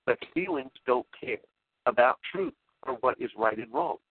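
A male talk show host in a rambling spoken monologue, excitable and emotional, often restarting his sentences. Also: medium pitch, normal speed, creaky, breathy edge, no room sound. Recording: tinny phone-line sound, dry.

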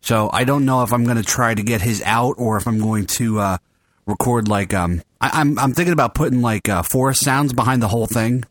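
A man's voice: mid-range voice, a little fast, no echo, clean studio sound. A man hosting a podcast table read, joking and laughing a lot as he talks through retakes. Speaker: podcast host. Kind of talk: casual table read with banter.

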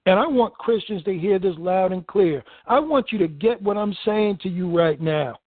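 Fervent high-voiced male preacher, tinny sound. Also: expressive, moderate pace, few pauses, no echo. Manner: fervent, emphatic preaching, reading scripture aloud. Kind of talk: sermon with scripture reading. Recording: tinny phone-like dry recording.

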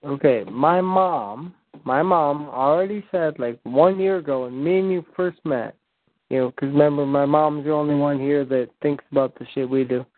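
A man talks casually over a voice call, rambling and restarting his sentences as he goes. His voice sits a bit high. The sound is tinny and phone-like, with no room around it. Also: moderate pace, no echo. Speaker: prank call host.

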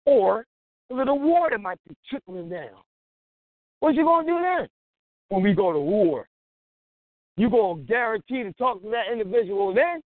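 A man's voice: high-pitched, big pitch swings, moderate pace, pauses often, no echo. Lay preacher, man, chatty and exhorting, tinny phone-like sound. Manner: conversational, exhorting, laughs between points. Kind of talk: informal sermon-style monologue. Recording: tinny phone-like dry line.

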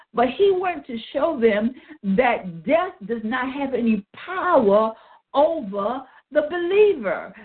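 Woman teaching bible study, reads scripture then explains it, kinda high voice, tinny phone line.

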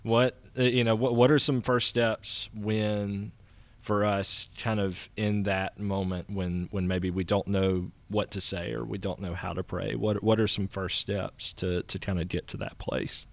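A man's voice: fairly low pitch, level tone, a little slow, vocal fry, no echo. A man hosting a podcast interview, enthusiastic and fired up, stumbling through restarts as he asks questions. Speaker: podcast host.

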